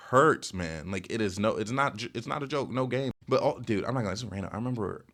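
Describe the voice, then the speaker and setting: A young man casually telling a storytime rant, rambling with lots of filler words and sudden jumps in pitch. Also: animated, fast, a bit bright. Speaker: storytelling vlogger.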